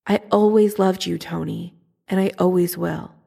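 A woman's voice: lowish voice, fairly even intonation, moderate pace, vocal fry, mellow, husky, heavily acted. A woman voicing a young male soldier writing an earnest, yearning love letter, in a fan fiction audiobook reading. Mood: tender.

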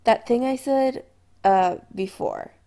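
A woman's voice: takes it slowly, dark tone. A woman voicing a flustered, stammering young male prisoner. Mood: awkward. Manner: flustered, high-strung, stammering.

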